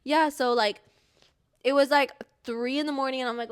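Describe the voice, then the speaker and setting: A young woman casually telling a story on a couple's vlog, animated and full of "like". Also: a little high, brisk, smooth. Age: young adult.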